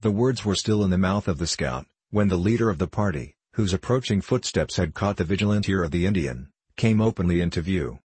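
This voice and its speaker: Male audiobook narrator, steady measured read; low, husky, dry close sound. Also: dry recording. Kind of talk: scripted narration.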